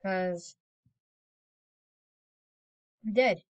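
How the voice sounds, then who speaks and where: Woman gamer narrating her game, rambly, keeps bursting out with loud yells, middle pitch. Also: drawn-out words, highs cut off. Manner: rambling and excitable, with sudden loud exclamations. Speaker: gaming video creator. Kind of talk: casual gameplay commentary.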